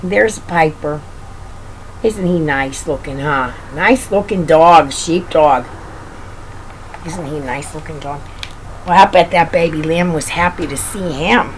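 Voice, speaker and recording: A woman reading a picture book aloud to children, with gentle, doting asides to a child. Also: low-pitched, a little slow, slight background noise, poor audio. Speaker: reader of children's books.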